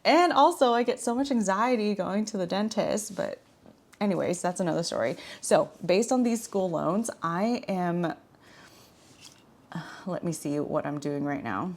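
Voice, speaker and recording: A woman in her thirties talks to camera in a casual, frank vlog style, her speech loose and full of filler words. Her voice sits a little low for a woman. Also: animated, measured pace, darkish tone. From Washington state. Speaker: vlogger. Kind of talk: casual chat.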